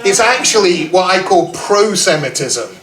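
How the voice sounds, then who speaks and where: A stand-up comedian in his fifties does a self-deprecating set in a pub comedy room, quizzing the audience. His voice is high and a bit bright, with big pitch swings and a moderate pace. The recording has a roomy pub sound, captured from far off.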